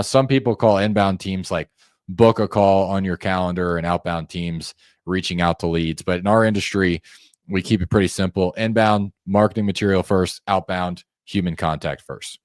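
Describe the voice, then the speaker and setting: A man with a fairly low voice walks viewers through a sales call script in a conversational coaching manner. He shifts into short acted phone lines to demonstrate each tone. The sound is dry, with no room echo. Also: moderate pace. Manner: coaching, demonstrates phone tones by acting out calls; conversational, addresses viewers directly. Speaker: sales trainer. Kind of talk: instructional screen-share walkthrough.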